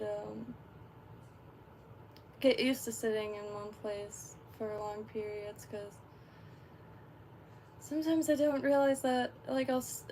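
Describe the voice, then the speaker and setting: A woman from Florida, USA who streams about fishing talks in a fairly high, slightly mellow voice over slight background noise. Her casual chat wanders, full of fillers and regular laughter.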